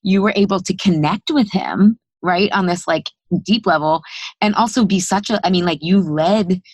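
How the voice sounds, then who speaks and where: A woman hosting a podcast, talking in an animated, conversational way and thinking aloud with restarts. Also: on the low side, normal speed, breathy edge, no echo. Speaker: podcast host and coach. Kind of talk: conversational interview.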